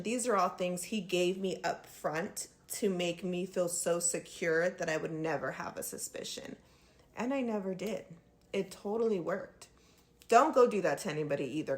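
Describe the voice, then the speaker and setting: Lower-voiced woman telling a personal story. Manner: halting, earnest, addresses viewers as "you guys". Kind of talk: casual storytime to camera.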